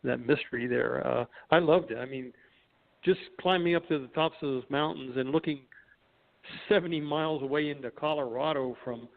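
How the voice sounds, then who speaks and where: A man's voice: medium pitch, moderate pace, gravelly. A man, an artist guest in a radio interview, speaking reflectively, stammering and filling gaps with uh. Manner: reflective, stammers, many uhs. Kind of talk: conversational interview. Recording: tinny phone-line sound.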